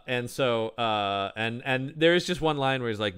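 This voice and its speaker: A man co-hosting a podcast, retelling a film in casual chat as an animated storyteller who slips into exaggerated voices. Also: medium pitch, moderate pace, hardly any pauses, clean tone. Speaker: podcast co-host. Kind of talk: casual movie-review chat.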